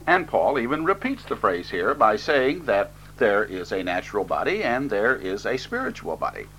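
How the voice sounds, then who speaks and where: A man's voice: fairly low pitch, a bit bright, slight background noise, rough recording. A man preaching an expository sermon, reading scripture aloud and then explaining it plainly, with fillers.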